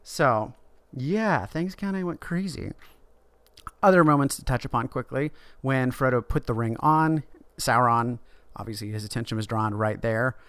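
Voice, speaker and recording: A man co-hosting a casual book podcast, retelling the story and slipping into quick quoted voices. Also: mid-range voice, fairly bright tone, clean tone, dry recording. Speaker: podcast co-host. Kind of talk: casual book discussion chat.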